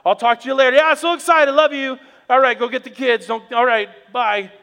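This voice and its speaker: A man playing an overjoyed forgiven debtor phoning his wife, talking in an excited rush. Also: extremely high pitch, gravelly, pitched above the performer's own voice, exaggerated voice. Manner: excited, breathless, rushing. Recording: long hall reverb.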